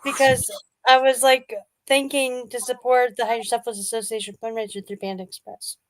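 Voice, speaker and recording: A woman's voice: a little high, flat delivery, brisk, dry recording. A woman co-hosting a casual show, telling rambling stories and playfully defending herself. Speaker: co-host. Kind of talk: casual chat.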